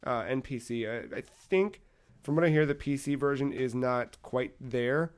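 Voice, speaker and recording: A man co-hosting a podcast, telling a long story in casual chat, rambling with lots of fillers and animated retellings. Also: medium pitch, moderate pace, smooth. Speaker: podcast co-host.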